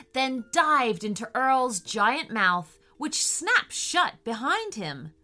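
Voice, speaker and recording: Slow, lively woman reading a children's story. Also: mid-range voice.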